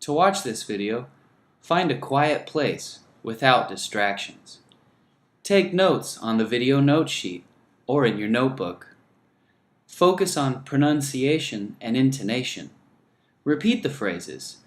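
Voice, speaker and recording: A man teaching an English lesson, speaking slowly and deliberately and modelling phrases for learners to repeat. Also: mid-range voice, very animated, reverberant. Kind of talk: scripted lesson narration.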